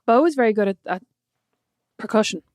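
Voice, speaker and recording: A quick, animated woman whose pitch sits a little high and swings freely as she chats. She teases and tells stories at a fast clip, and the sound is dry and close. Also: no room sound. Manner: lively teasing storyteller. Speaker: podcast co-host. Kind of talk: casual chat between sisters.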